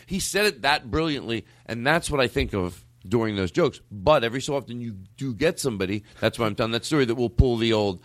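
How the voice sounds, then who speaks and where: A man with an ordinary mid-range voice hosts a loose, casual conversation. He rambles into tangents and swears freely in an animated way. The recording is dry and close. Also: medium pitch, fast, hardly any pauses, no room sound. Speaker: podcast host. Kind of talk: casual chat.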